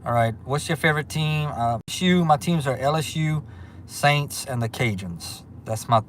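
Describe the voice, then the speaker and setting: On his livestream, a Southern-accented host from Louisiana drawls easily through casual chat and viewer comments. He speaks at normal speed in a mid-range voice, and there's a bit of background noise.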